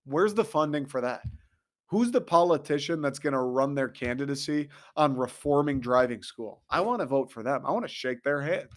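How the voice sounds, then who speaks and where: Male host, comedic rant, sarcastic and profane, average pitch. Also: animated, moderate pace. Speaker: podcast host.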